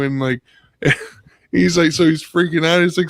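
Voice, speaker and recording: A man's voice: on the high side, fairly even intonation, unhurried, gravelly, dry recording. Eager, laughing man on a podcast. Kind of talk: casual podcast chat.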